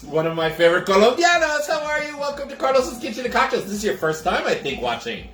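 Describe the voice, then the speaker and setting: A chatty man hosts a home cocktail livestream, talking straight to his viewers and laughing easily. His fairly high voice swings up and down a lot as he goes. The room is echoey, with faint music playing behind him. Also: sing-song, fast. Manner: chatty, laughs often, greets viewers warmly. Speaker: host of a livestream cocktail show. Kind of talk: casual livestream chat with viewers. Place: home kitchen.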